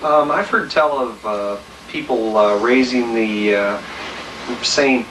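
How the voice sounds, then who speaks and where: A man in the audience hesitantly asking a question, with many pauses and fillers. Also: mid-range voice, noisy background. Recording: distant, off-mic in the audience.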